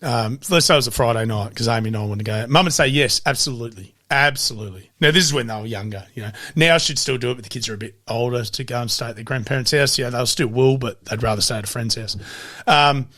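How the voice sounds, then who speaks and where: A man's voice: medium pitch, fast, a bit bright, dry recording, clean studio sound. A middle-aged man with an Australian accent, an interview guest casually telling family stories, swearing freely and acting out what his family said. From country Victoria, Australia. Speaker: interview guest, amateur boxer. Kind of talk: casual storytelling.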